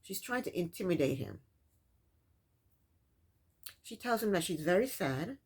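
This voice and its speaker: A woman's voice: lowish voice, sing-song, unhurried, husky. A woman hosting a casual recap of a reality show, telling the events in her own words and scolding the people in it. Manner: sassy, scolds the people on screen.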